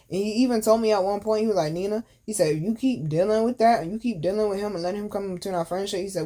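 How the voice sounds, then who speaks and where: A woman's voice: medium pitch, quick pace, few pauses, mellow. Candid, profane woman telling a story. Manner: candid, profane, emphatic with slang asides. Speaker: podcast host. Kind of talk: casual storytelling.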